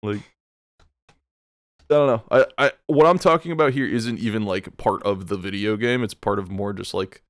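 A man co-hosting a gaming podcast in relaxed banter. His voice sits a little low and the sound is dry and close, with no room around it. He laughs often and talks in quick bursts. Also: no echo. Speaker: podcast co-host. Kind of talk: casual chat.

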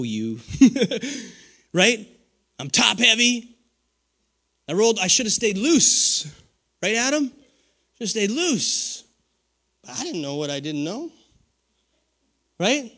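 A man in his forties preaching a sermon, animated, with call-and-response and laughter. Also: sits high. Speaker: pastor.

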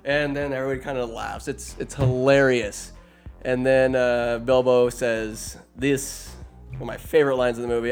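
A man's voice: mid-range voice, moderate pace, faint music behind. A man retelling a movie in a loose, crude, joking way, as a comedic host.

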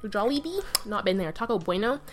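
A woman's voice: mid-range voice, animated, moderate pace, a bit bright. A young adult woman hosting her own podcast, chatting alone in a rambling, scattered way with many fillers and self-corrections, recorded on her bed with the mic on her knee. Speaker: podcast host. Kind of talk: rambling solo podcast chat. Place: sitting on her bed at home. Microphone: mic balanced on her knee.

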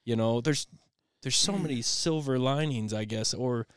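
A man's voice: medium pitch, moderate pace, smooth, dry recording, studio quality. A man hosting a casual talk, telling stories in a rambling way with many restarts. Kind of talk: casual conversation.

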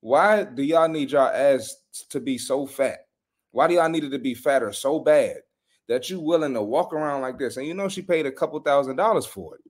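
A man's voice: on the high side, normal speed. Blunt slangy male podcast host. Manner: blunt, animated, slangy trash talk. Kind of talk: casual reaction commentary.

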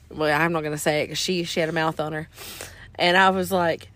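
Woman, podcast co-host, casual storytelling, animated. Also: lowish voice, a little fast. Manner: animated, acts out quotes in exaggerated voices.

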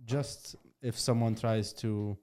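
A man hosting a podcast in casual chat, hesitant and halting, laughing often as he talks. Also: on the low side, fairly even intonation, a little mellow. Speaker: podcast host.

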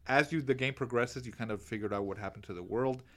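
A man co-hosting a casual podcast, relaxed and jokey, with many fillers as he talks. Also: medium pitch, fast. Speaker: podcast co-host.

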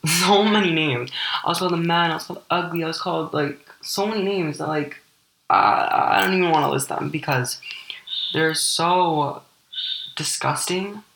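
A teenage girl from Ukraine with a deep voice, hosting a personal podcast and telling her story in a candid, rambling way full of "like" fillers. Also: fairly bright tone, roomy sound, poor audio. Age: teens. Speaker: podcast host.

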